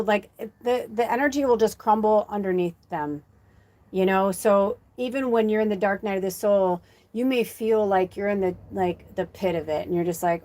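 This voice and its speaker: Woman, spiritual medium, chatty live-stream reader with a gentle coaching tone. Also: mid-range voice. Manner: chatty, animated, sprinkles in "like" and "you know"; soothing, encouraging affirmations.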